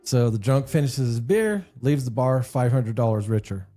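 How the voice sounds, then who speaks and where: A man's voice: mid-range voice, animated, normal speed, warm tone, soft background music. A man co-hosting a podcast, telling a rambling joke and leading casual chat. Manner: rambling storyteller, laughs at own jokes. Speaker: podcast co-host.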